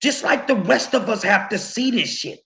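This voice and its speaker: A man's voice: high voice, normal speed, gravelly, pushed and bright. Angry, profane man ranting at viewers. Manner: angry, profane, confrontational, repeats words. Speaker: show host. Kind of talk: heated commentary addressed to viewers.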